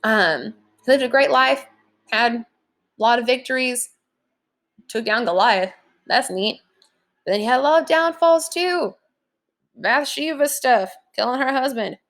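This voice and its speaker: A woman's voice: on the high side, animated, measured pace, long pauses, fairly bright tone. A young adult woman teacher giving a casual recorded lesson from home, chatty and informal, with many fillers. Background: leaf blower outside.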